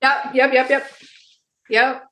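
A woman's voice: sits high, little pitch movement, slow, background noise. A woman from Wisconsin, a guest on a podcast, chatting casually in a playful, giggly way. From Wisconsin, USA.

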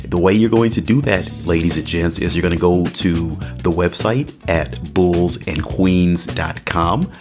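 Deep-voiced jokey male podcast host. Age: young adult. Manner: jokey, keeps tagging "okay?". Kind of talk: casual podcast monologue. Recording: music playing underneath.

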